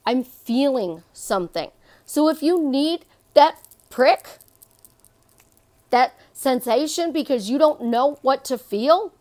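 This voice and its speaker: A middle-aged woman, a life coach, giving an emphatic motivational monologue and repeating phrases to drive her point home. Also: sits high.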